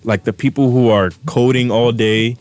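A man's voice: medium pitch, fairly even intonation, normal speed, a little mellow. A young man co-hosting a podcast, chatting casually with a joking, slangy manner and explaining things at length. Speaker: podcast co-host. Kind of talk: casual chat.

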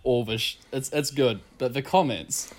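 A man's voice: medium pitch, normal speed. Giggly swearing young New man. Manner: giggly, swearing, reads comments aloud. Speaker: podcast host. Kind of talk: casual podcast chat.

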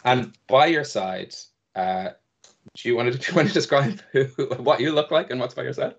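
A man's voice: medium pitch, normal speed, gravelly, slightly rough. A man narrating as game master in a casual, loose way with many fillers. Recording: dull lo-fi audio.

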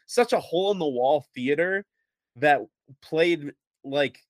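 A man's voice: on the high side, animated, slow, dry recording, studio quality. A man co-hosting a podcast in casual chat, rambling a bit and chuckling between phrases. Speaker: podcast co-host.

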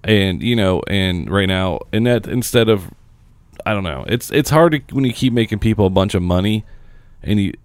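A man's voice: on the low side, animated, normal speed, dry recording. A man in his thirties talking earnestly and rambling a bit about work in casual chat.

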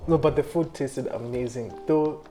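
A man's voice: medium pitch, moderate pace, music in the background. Laughing man telling a tall tale. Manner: laughs often, storytelling with playful exaggeration; repeats words and restarts a lot. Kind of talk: casual chat.

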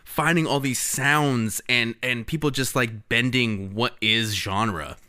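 A young man co-hosts a podcast, chatting casually and rambling with plenty of fillers. His medium-pitched voice is bright, forceful, clear, and resonant, and he takes his time speaking.

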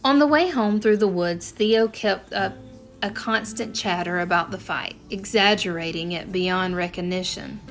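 A woman narrating an audiobook chapter at a mid-height pitch. She reads in a steady, even storytelling manner, with faint music under her voice. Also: moderate pace.

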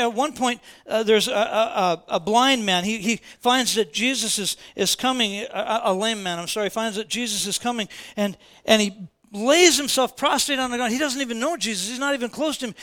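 Man, sermon, high voice, animated storytelling, casual slang, acts out quotes. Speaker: pastor.

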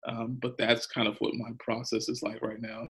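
A man's voice: medium pitch, completely flat delivery, moderate pace, fairly bright tone, slightly rough, poor audio. A man, a pastor, speaking earnestly and openly in a podcast interview about his faith and hard times, with a nervous laugh now and then.

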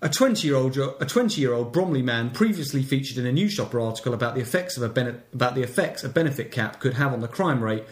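A man's voice: mid-range voice, animated, quick pace, hardly any pauses, echoey room. A man co-hosting a casual comedy podcast, reading local news aloud with dry puns. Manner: wry, reads stories aloud with puns. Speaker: podcast co-host.

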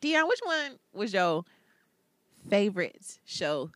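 A woman in her thirties co-hosting a podcast in casual chat, animated and teasing, laughing often. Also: medium pitch, slow, no room sound. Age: 30s. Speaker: podcast co-host.

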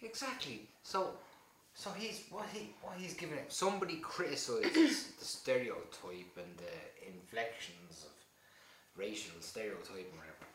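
A man in casual chat who rants bluntly and swears often. His pitch swings widely between lines. The recording is echoey, with clear background noise. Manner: blunt, profane, ranting. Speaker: podcast co-host.

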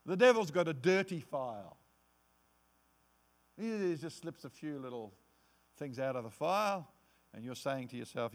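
A man preaching from the pulpit with a high voice that leaps up and down. He acts out quotes with dramatic swings, sometimes dropping to a soft hush to make a point. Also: animated, unhurried, long pauses. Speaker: pastor. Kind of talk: sermon.

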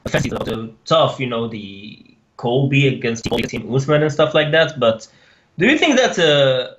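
A man's voice: expressive, unhurried, fairly bright tone, a little hiss or hum. A man co-hosting a casual sports podcast, talking hesitantly with lots of fillers and restarts. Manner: hesitant, many fillers and restarts, swooping pitch. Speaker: podcast co-host. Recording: dull lo-fi sound.

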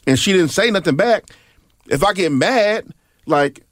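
A man's voice: high voice, animated, measured pace, a bit bright, dry recording, studio quality. A man hosting a casual podcast chat, telling stories and asking pointed questions. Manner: storytelling, asks pointed questions. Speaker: podcast host.

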